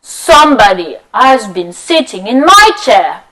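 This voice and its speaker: A woman voicing a big papa bear in a children's yoga story, speaking slowly and emphatically. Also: on the high side, big pitch swings, bright, forceful tone, exaggerated voice, low-quality recording. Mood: indignant.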